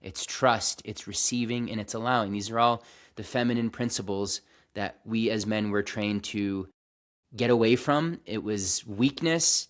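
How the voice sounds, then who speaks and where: A man hosting a reflective spiritual monologue, earnest and slow, speaking in a calming way with frequent restarts and some casual swearing. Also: fairly low pitch. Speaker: host.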